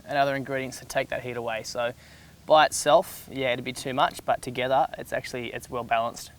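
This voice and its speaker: A man's voice: mid-range voice, little pitch movement, brisk. A young man hosting a casual cooking demonstration in an upbeat, enthusiastic, chatty way. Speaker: cooking show host. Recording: music playing underneath.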